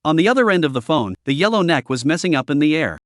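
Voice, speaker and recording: In a scripted narration, a man reads a story recap aloud with a very animated delivery at a quick pace. His pitch sits slightly above the typical male range and shifts a lot between phrases. The sound is close and dry, with no room noise at all.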